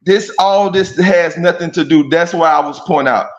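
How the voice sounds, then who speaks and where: A man's voice: on the high side, normal speed. A man in a heated debate who talks insistently, repeats himself and stresses that he is being respectful. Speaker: debate participant. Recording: echoey, dull lo-fi audio.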